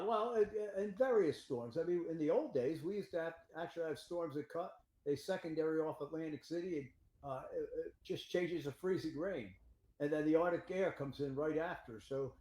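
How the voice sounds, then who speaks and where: An older man talking about the weather forecast in a rambling, excitable way, with filler words and laughter. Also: fairly high pitch, moderate pace, echoey room, rough recording. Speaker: meteorologist guest. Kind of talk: casual forecast discussion.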